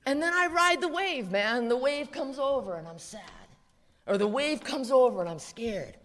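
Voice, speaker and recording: American woman, recovery speaker, blunt and profane, bright edge, higher register, echoey convention hall. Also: animated, normal speed. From USA. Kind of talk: live speech at a convention.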